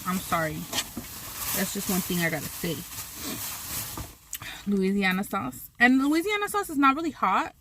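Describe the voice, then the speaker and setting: A woman's voice: mid-range voice, animated, normal speed, pauses often, fairly bright tone, a little hiss or hum. A woman vlogger telling a story while eating on camera, rambling with many restarts and swearing freely.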